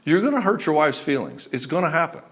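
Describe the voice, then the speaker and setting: A man's voice: fairly high pitch, lively intonation, fast, fairly bright tone. A man giving relationship advice as a coach, speaking bluntly and emphatically, with frequent swearing. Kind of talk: direct-to-camera advice monologue.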